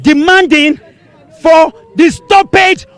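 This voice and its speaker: A man with a Nigerian accent leading a street protest, declaiming demands to the crowd with forceful repetition. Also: very high-pitched, slow pace. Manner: forceful, declaiming, repeating lines for emphasis. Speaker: protest leader.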